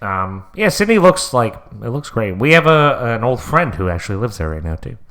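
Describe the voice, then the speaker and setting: A man's voice: medium pitch, sing-song, normal speed, a bit bright. A young man co-hosting a podcast, rambling playfully in casual chat. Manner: rambling, lots of "like" fillers, playful. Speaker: podcast co-host.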